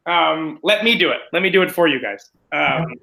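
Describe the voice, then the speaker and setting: A man, a stage actor, chatting in an interview in an animated, self-deprecating, rambling way. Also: on the high side, moderate pace, vocal fry, rough recording. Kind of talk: casual interview chat.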